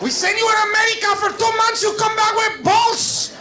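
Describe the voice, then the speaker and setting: Outraged Latin American dad, Spanish accent, shrill shouting; live room, loud audience. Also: male voice, level tone, normal speed, reverberant, noisy background. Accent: Spanish-accented English. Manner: shouting, stretched-out words. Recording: live stand-up with loud crowd.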